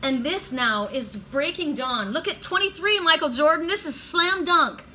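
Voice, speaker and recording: A middle-aged woman giving a casual, emotional oracle card reading, excitable and tearful, swearing freely. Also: high-pitched, normal speed, a little hiss or hum. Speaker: tarot and oracle card reader.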